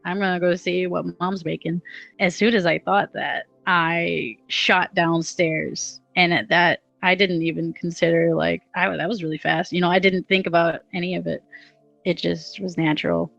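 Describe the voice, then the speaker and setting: A woman's voice: lowish voice, flat delivery, normal speed, creaky, fairly bright tone, dry recording. A young woman telling a long personal story in a casual, rambling way, often giggling and using fillers. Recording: dull lo-fi audio with faint music.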